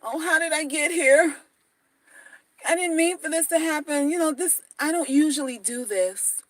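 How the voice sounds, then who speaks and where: A soft, coy young woman making apologetic excuses in a hushed voice, as a vlogger puts her on. The sound is dry and close. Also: sits high, moderate pace, no room sound, lightly acted, poor audio. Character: naive young woman excusing herself to a man.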